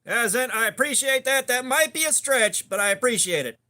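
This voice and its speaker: A man's voice: extremely high pitch, lively intonation, fairly quick, sharp tone. A man hosting a laid-back live stream, greeting chat viewers by name. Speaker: livestream host.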